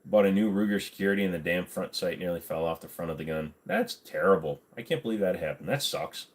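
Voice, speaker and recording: Fast-talking and animated, a man with a deep voice runs a casual livestream where he reads chat and jokes around. His manner is chatty and jokey, and he occasionally breaks into goofy voices.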